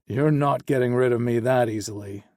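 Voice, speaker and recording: A rugged, protective ranch man who speaks low with a growl, read by an audiobook narrator. His voice is warm and mellow. It is recorded dry and close. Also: moderate pace, dry recording, natural voice. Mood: firm. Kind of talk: audiobook character voice.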